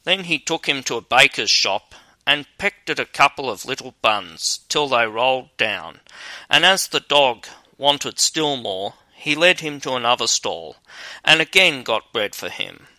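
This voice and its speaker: Slow, bright-voiced man reading a fairy tale. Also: mid-range voice, no echo, poor audio. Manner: steady, measured storytelling. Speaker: narrator.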